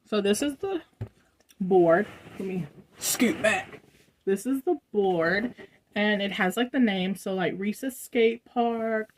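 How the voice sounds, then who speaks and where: A young American woman chats casually to her viewers in a haul vlog at home, rambling with fillers and asides. Her voice is medium-pitched, and the recording carries a little hiss or hum.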